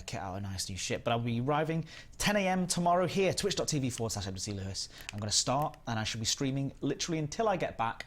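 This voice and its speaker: A man's voice: mid-range voice, a little hiss or hum. A young man hosting a live game stream, chatting casually and greeting viewers by name in an upbeat way.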